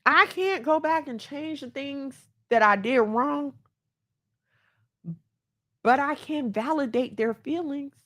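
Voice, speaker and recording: A woman's voice: high voice, slow pace, pauses often, fairly bright tone. A woman giving heartfelt self-help advice as a mother, speaking earnestly and acting out the voices she quotes. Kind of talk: candid self-help monologue.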